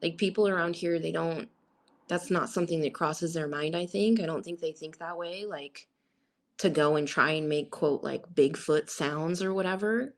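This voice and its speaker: Low creaky-voiced woman telling her story. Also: moderate pace. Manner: rambling, full of "like" and quoted asides. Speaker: guest. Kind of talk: recounting a personal encounter.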